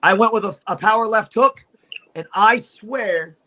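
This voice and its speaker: A man's voice: sits high, a little slow, bright, forceful tone, a little hiss or hum, low-quality recording. A man, telling a profane, swaggering fight story as a livestream guest.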